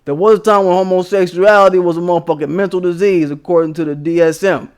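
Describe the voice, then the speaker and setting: Brash high-voiced man, vlog commentator from Maryland, heated and profane. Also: steady tone, fast talker, clear, resonant tone. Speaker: commentary vlogger. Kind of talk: ranting commentary.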